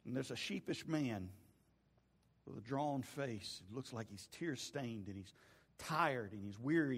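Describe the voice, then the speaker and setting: A man's voice: mid-range voice, expressive, a little slow, slightly rough, in a large hall. A man preaching a sermon, dramatically retelling a story and acting out the people in it. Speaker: pastor.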